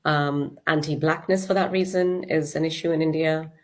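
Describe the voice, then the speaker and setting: A woman giving thoughtful, hesitant commentary with many pauses and fillers. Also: sits low, steady tone.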